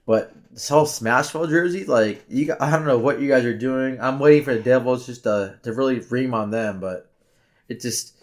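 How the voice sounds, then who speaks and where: A man's voice: medium pitch, normal speed. A man co-hosting a sports podcast in casual chat, rambling with many restarts and fillers and catching his own swearing. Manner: candid, self-correcting swears. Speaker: podcast co-host.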